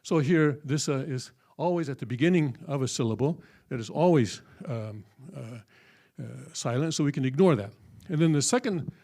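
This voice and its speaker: A man teaching a classroom lesson in a folksy, halting way, often checking with the room. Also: mid-range voice, lively intonation, mellow. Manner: folksy, full of fillers and checking "okay?". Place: church hall.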